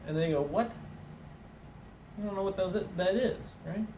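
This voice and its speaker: A man with a high voice does stand-up, talking fast through a rambling story packed with fillers and restarts, and he gives the people in it little voices of their own. He sounds far from the mic in a roomy space, with a noisy background behind him.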